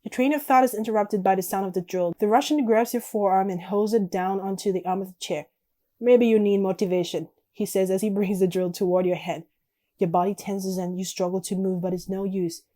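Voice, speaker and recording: A woman's voice: medium pitch, fairly even intonation, a little fast, mellow. A young woman reading a text-based game aloud and chatting through her choices as a YouTuber.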